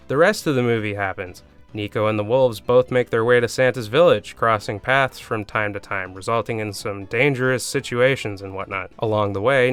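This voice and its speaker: A Canadian man with a Canadian accent narrating a comedic movie review, with sarcastic deadpan asides. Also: mid-range voice, clean tone. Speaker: video reviewer host.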